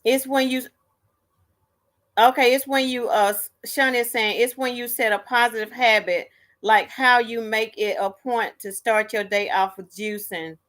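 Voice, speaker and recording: A woman's voice: on the high side, steady tone, a little slow, fairly bright tone. Chatty woman hosting a live stream. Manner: chatty, greets viewers by name, Southern US phrasing. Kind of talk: casual live stream chat.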